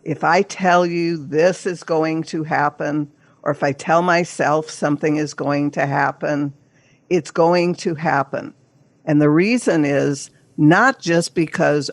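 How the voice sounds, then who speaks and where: A woman's voice: low voice, slow, no room sound. An older woman, a therapist and coach, speaking as a podcast guest in an earnest, emphatic coaching tone, sometimes acting out inner voices. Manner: acts out inner voices in quotes. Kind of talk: podcast interview.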